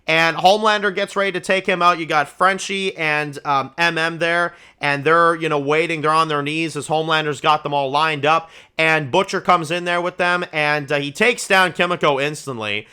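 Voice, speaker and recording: A man hosting his own review channel, talking through a show in a casual, rambling, excitable way, with lots of swearing and "you know"s. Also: fairly high pitch, smooth.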